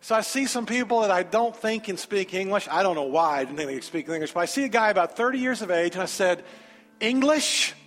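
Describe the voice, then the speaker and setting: A man preaching a sermon in a large church sanctuary, telling a personal story with animated energy and then moving into an emphatic altar call. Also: high voice, fast talker, hardly any pauses. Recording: reverberant sanctuary with faint music.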